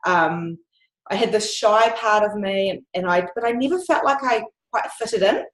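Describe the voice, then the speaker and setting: A woman's voice: mid-range voice, normal speed, a bit bright, reverberant, poor audio. A woman hosting an interview, talking reflectively and candidly, with frequent ums. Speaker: podcast host. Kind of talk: conversational interview.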